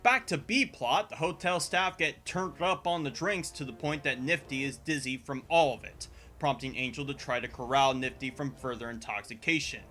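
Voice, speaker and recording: A man delivering scripted commentary as a video essayist, sarcastic and profane, with sudden exasperated jumps in pitch. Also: normal speed, hardly any pauses, pushed and bright. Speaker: video essayist reviewing a show.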